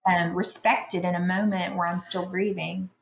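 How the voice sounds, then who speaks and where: A woman author talking as a guest on a podcast, telling stories in a chatty, animated way with self-deprecating humor. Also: fairly low pitch, moderate pace, vocal fry, echoey room, a little hiss or hum. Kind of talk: conversational storytelling.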